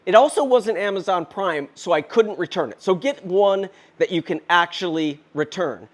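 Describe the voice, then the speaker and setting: Hurried, higher-voiced fifty-year-old man. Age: 50s. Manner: rushed and chatty, talking while lifting and handling the cart. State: out of breath. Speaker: DIY maker and channel host. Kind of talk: hurried casual vlog.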